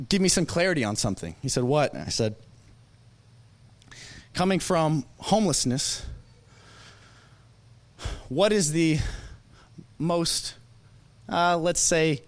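A young man with a Texan accent preaches from the pulpit in a fairly high voice. He tells his story with lots of energy and slips into the voices of the people he quotes. He laughs at himself now and then as he talks. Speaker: pastor. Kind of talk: storytelling sermon.

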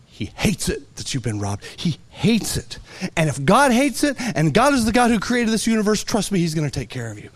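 A man preaching a sermon, animated and playful, telling everyday stories with lively asides. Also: fairly high pitch, a little fast. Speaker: pastor.

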